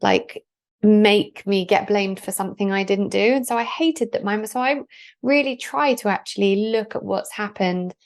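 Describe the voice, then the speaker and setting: A woman hosting a podcast interview, chatty and lively, jumping in with questions. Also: mid-range voice, normal speed. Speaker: podcast host.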